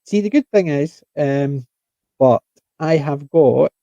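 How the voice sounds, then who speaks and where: A man's voice: a little high, animated, slow pace, dark tone, no room sound, lo-fi sound. A man, a podcast co-host, rambling enthusiastically in casual chat.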